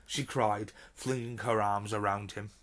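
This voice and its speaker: A man reading a children's novel aloud with expressive storytelling. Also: fairly low pitch, unhurried. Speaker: reader. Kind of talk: storybook narration.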